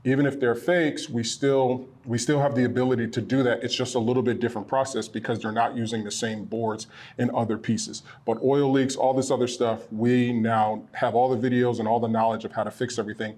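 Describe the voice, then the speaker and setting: A man who owns a printing supply business, chatting casually and a bit ramblingly as he pitches products from his small shop. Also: level tone, fairly quick, hardly any pauses, a little mellow. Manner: rambling, self-correcting, earnest. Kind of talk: casual promotional chat. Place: their small shop location.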